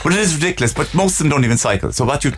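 A man's voice: on the high side, lively intonation, rapid-fire, noisy background, pitched above the performer's own voice, lightly acted. A man putting on a snobbish, pompous Cork socialite for a comic radio bit, with an affected drawl. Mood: condescending. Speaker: comic guest character.

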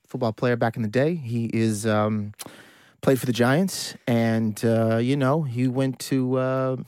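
A man's voice: mid-range voice, steady tone, measured pace, a little mellow, clear, resonant tone, no echo, clean studio sound. A man from Virginia with an American accent, co-hosting a casual sports chat and often stumbling over his words. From Virginia, USA. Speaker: podcast co-host.

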